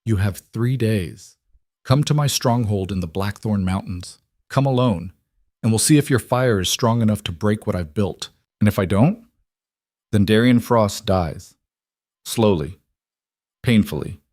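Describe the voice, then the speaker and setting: A man's voice: lowish voice, unhurried, darkish tone, no room sound, clean studio sound. A man voicing a cruel ancient witch woman with a mocking, menacing manner.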